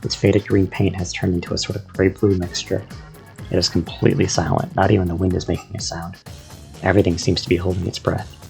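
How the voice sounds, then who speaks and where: A man reading a story aloud in the first person, with a measured, descriptive delivery. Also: deep voice, little pitch movement, vocal fry, darkish tone, soft background music. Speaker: narrator.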